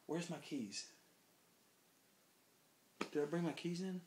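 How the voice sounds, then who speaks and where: A man's voice: a little high, slow. A drunk man rambling through a profane anecdote, acting out the lines of the people in it. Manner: profane, animated, acts out quotes. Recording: roomy with faint noise.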